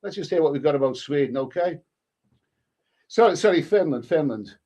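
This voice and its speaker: A man's voice: on the high side, animated, a little fast, warm tone. A man, hosting a live stream and rambling through crude commentary with many restarts. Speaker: livestream host.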